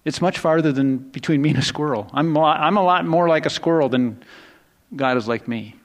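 Male pastor, sermon delivery, slightly high voice, chatty and rambling, with quiet asides and rising emphasis. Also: a little fast. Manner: conversational, rambling with restarts and self-corrections; swings between hushed low asides and rising excited emphasis.

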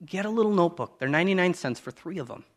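A man in his thirties preaching a sermon, earnest and conversational, rising loud on key points and dropping to quiet asides. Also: high-pitched, animated, racing.

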